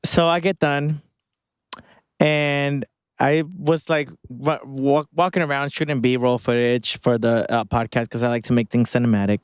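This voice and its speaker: A young man hosts his own podcast and tells a personal story, gushing and emotional, sighing and laughing between phrases. His voice sits at an ordinary middle pitch. The recording is dry and close, with no room sound. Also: steady tone, measured pace, clear, resonant tone, no room sound. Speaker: podcast host.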